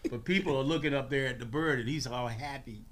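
A man in his sixties telling lively, laughing stories as a guest on a radio morning show, acting out voices as he goes. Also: mid-range voice, fast talker. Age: 60s. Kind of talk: casual storytelling on a radio show.

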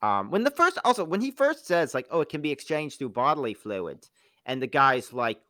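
Rambling jokey man with lively pitch. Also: moderate pace, no room sound. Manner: rambling, jokey, slips into silly impressions. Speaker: podcast co-host. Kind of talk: casual chat about a TV show.

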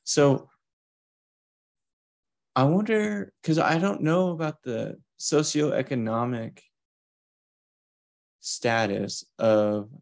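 Gravelly low-voiced man musing aloud. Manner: musing, thinks aloud in long winding asides. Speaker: podcast co-host. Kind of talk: casual chat.

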